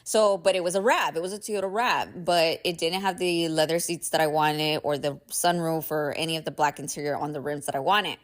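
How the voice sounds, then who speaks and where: A woman's voice: low voice, a little fast, hardly any pauses. A woman podcast host telling a personal story in a candid, casual way, swearing freely and chuckling often, sounding tired.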